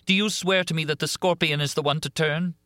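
A man's voice: a little high, steady tone, fairly quick, bright, forceful tone, no echo, studio quality, pitched above the performer's own voice. A man voicing a frightened young woman who pleads urgently.

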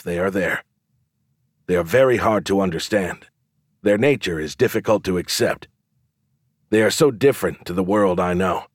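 A man reading a first-person fantasy audiobook in a measured, reflective way on a close studio mic. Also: fairly low pitch, dry recording. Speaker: audiobook narrator.

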